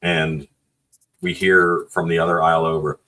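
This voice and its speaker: A man's voice: deep voice, flat delivery, normal speed, bright, forceful tone. A man with a dry sense of humor telling anecdotes in a casual chat.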